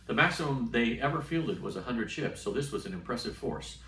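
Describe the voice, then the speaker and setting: A man's voice: mid-range voice, lively intonation, a little fast, sharp tone, a little hiss or hum. An older man steadily reading a novel aloud as a storyteller. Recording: roomy sound from a distant mic.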